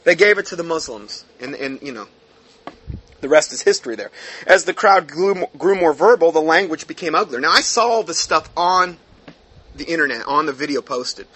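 Husky-voiced man reading and ranting. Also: fairly high pitch, expressive, normal speed, bright, forceful tone. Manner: reads aloud then breaks off into heated asides; frequent fillers and restarts, sarcastic mockery. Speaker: commentator reading news. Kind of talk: monologue reading an article with commentary.

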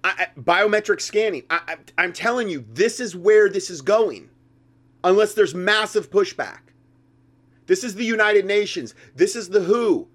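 Male vlogger reacting to a clip, high voice, indignant and rambling, talks straight to viewers. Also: lively intonation, normal speed, a bit bright. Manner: indignant, repetitive, addresses viewers as guys. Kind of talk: casual video commentary.

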